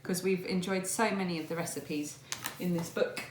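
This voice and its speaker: A woman's voice: fairly low pitch, steady tone, normal speed, reverberant, background noise. Chatty woman vlogging from home. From England. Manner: chatty, laughs often, reads a long list. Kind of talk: casual home vlog chat. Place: home room at a table.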